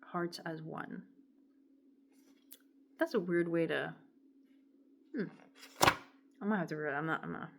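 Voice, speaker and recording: A woman's voice: sits low, moderate pace, creaky, pauses often, slight background noise. Chatty woman with an itchy throat. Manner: rambling and chatty, heavy use of "like", softening into murmurs when emotional. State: throat itching. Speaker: songwriter sharing her lyrics. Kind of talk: casual talk to camera, reading lyrics aloud.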